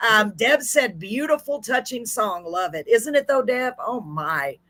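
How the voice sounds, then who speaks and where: A gushing woman from Texas with a drawl hosts a live chat show, praising her guest warmly and dissolving into near tears. Her voice has a bright, forward edge. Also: fairly high pitch, lively intonation, unhurried. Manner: gushing, effusive and emotional. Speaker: host.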